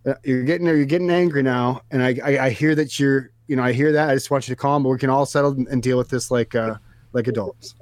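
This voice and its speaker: A man's voice: mid-range voice, fairly even intonation, fast talker, darkish tone, no echo. Man stammering through a prank call. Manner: hesitant, repetitive, falsely soothing. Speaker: prank caller host.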